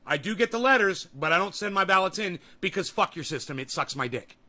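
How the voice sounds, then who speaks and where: A man hosting a political podcast, ranting profanely and breaking into shouts. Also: high-pitched, lively intonation, a little fast. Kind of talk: angry political rant.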